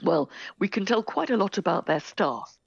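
Lively, gravelly-voiced woman historian. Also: medium pitch, normal speed, no echo. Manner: lively, chatty explainer with many "you know"s. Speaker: historian guest. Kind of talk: radio interview answer. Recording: dull lo-fi sound.

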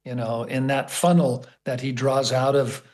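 A man from the United States, a guest sharing memories in an interview, enthusiastic and halting, often repeating words. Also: mid-range voice, flat delivery, a little mellow. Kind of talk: conversational storytelling.

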